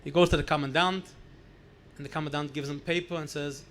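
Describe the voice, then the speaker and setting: A man's voice: on the high side, a little fast, slight background noise. A man in his sixties with a New York accent, a rabbi telling stories at a gathering, acting out the dialogue and mixing in Yiddish phrases. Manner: animated, acts out dialogue, mixes in Yiddish phrases. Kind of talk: storytelling talk at a gathering.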